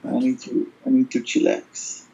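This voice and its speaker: A man with a voice, chatting in a relaxed, joking way. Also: moderate pace. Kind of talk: casual chat. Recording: dull lo-fi sound.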